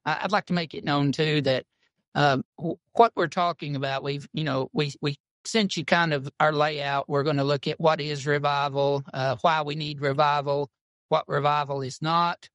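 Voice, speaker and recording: A pastor, a man who talks in a folksy, drawling storytelling way. His voice sits somewhat high for a man, and the recording is dry and close with no room sound. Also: fairly even intonation, normal speed, fairly bright tone, no echo. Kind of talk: casual podcast chat about church.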